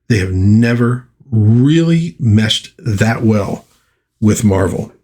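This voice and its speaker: A man's voice: on the low side, expressive, slow pace, dark tone, husky. A man hosting a casual comic book commentary in a chatty, enthusiastic manner.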